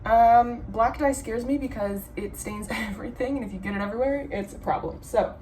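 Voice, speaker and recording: A woman's voice: a little high, a little fast, warm tone, slight background noise. A young woman chatting casually and rambling, swearing freely as she shows yarn and dyes it at home. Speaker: vlogger, yarn dyer.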